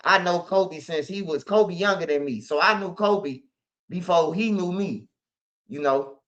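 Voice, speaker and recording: The street news channel host's retelling is loose, profane, slangy and emphatic, a casual storytelling monologue on dull lo-fi audio. He speaks high, at a measured pace, with a fairly bright tone.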